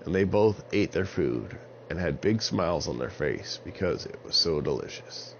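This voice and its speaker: A man narrating an improvised children's story in an animated way. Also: very deep voice, moderate pace, gravelly. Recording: slightly dull lo-fi sound with faint hiss.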